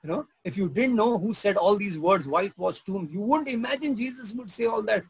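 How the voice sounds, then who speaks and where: A man's voice: sits high, fairly quick, a little hiss or hum, low-quality recording. A man preaching a sermon as pastor, conversational, asking the audience questions and joking. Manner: conversational, asks the audience questions, tells jokes.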